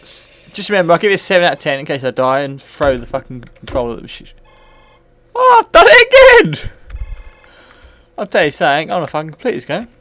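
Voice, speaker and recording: A man's voice: on the high side, rapid-fire, few pauses. A tipsy man commentating live as he plays and reviews an old computer game, swearing freely and rambling. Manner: sweary, rambling, bursts into excited yells.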